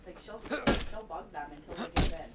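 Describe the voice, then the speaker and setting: A woman tells casual stories in an animated, profane way and acts out the voices of the people she quotes. She sits some distance from the mic in an echoey space. Loud noise runs underneath her voice. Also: on the low side, fast talker. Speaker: gamer chatting on voice call. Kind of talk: casual storytelling. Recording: echoey, distant, noisy game voice chat.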